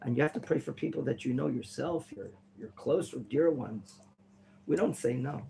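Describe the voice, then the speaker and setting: A man teaching an interactive Torah class in a classroom, quizzing his students and now and then bursting into theatrical excitement. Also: medium pitch, normal speed, vocal fry, a little hiss or hum. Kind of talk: interactive Bible lesson. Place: classroom at a yeshiva.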